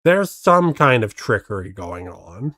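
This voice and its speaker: A man chats slowly and skeptically as he reacts to a video on stream, working out how each trick was done. His voice is close and dry, with no room sound around it. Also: fairly low pitch, sing-song, pushed and bright, no room sound. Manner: skeptical, picks apart tricks. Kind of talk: casual reaction commentary.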